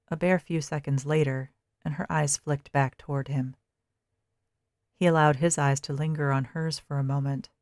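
A narrator reading a dark story in a steady, measured way. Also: mid-range voice, dry recording.

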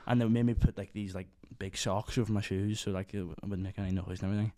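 A man's voice: on the low side, fairly even intonation, very fast, mellow, no echo, studio quality. A young man with a Northern Irish accent telling a rambling story in casual chat with friends, full of fillers and asides.

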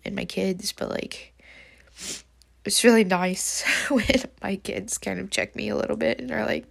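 Creaky-voiced woman teacher rambling. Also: fairly low pitch. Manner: rambling, full of fillers; emotional, confessional. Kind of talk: personal diary talk.

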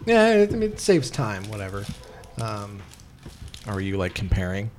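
A man hosting a casual comedy podcast, jokey and animated, swearing freely. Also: lowish voice, normal speed, slight background noise. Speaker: podcast host. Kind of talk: casual chat.

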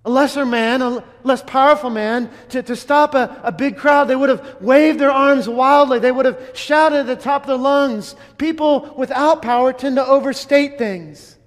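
A man's voice: extremely high pitch, moderate pace, hardly any pauses. A man preaching a dramatic sermon, telling it in first person as an eyewitness, earnest, with restarts and emphatic repeats. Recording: long hall reverb.

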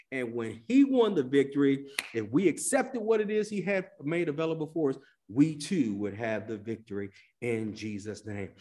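A man preaching a sermon as pastor, rising to loud emphatic lines and dropping to hushed ones, sometimes acting out quoted voices in colloquial speech. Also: on the high side. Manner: dynamic preacher, swings between loud emphasis and hushed drops.

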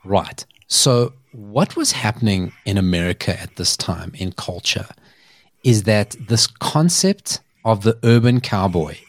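A man's voice: on the low side, expressive, measured pace, dry recording. A man hosting a podcast, telling a story in a chatty way and laughing often. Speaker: podcast host. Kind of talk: casual chat.

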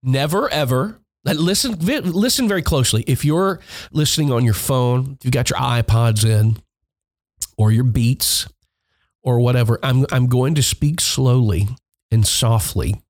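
A man's voice: medium pitch, measured pace. Male podcast host, blunt, emphatic and repetitive, mid-range voice. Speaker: music industry podcast host. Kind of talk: instructional podcast monologue. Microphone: podcast mic.

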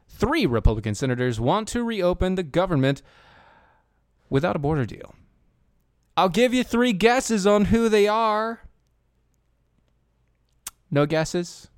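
A male host with a slightly high voice rambles through political commentary and an ad read. He stops and restarts often and turns sarcastic, and the sound is close and dry. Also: expressive, moderate pace, long pauses, no room sound. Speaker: podcast host.

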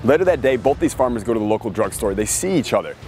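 A man's voice: mid-range voice, lively intonation, fast, a little mellow, soft background music. A man hosting a podcast, giving an emphatic motivational marketing talk and acting out characters as he tells stories. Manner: emphatic storytelling, acts out characters. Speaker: podcast host.

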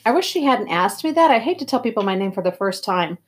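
A woman reading a novel aloud in a plain, even first-person narration. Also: medium pitch, fast. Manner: plain, even read-aloud with throat clearing. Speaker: reader.

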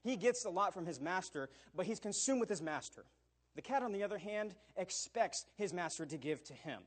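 A man in middle age preaches a sermon in a high voice with a husky, breathy edge. He talks animatedly, acting out quotes and tossing in "all right?" to keep the room with him. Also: animated, brisk. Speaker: pastor.

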